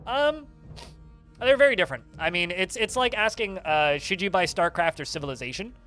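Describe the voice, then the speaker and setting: A man's voice: high voice, lively intonation, moderate pace, pushed and bright, faint music behind. A man streaming a game, casually telling a rambling anecdote full of fillers. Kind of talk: casual storytelling while playing a game.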